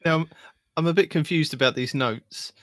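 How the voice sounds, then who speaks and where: A man's voice: fairly high pitch, normal speed, no echo. A man hosting a gaming podcast, joking and laughing at himself. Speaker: podcast host. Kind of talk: casual gaming podcast chat.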